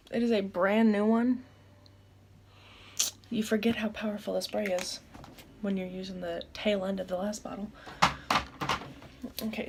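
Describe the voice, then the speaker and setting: Gravelly young woman chatting through makeup. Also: medium pitch, noisy background. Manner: chatty, candid, exclaims often. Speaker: beauty vlogger. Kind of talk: casual makeup tutorial chat.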